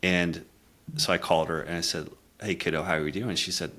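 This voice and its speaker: A man's voice: low-pitched, fairly even intonation, fairly quick, soft background music. A middle-aged man, a communication coach, telling a candid personal story in an earnest, reflective way. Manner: earnest, reflective, drops quiet for emotional moments.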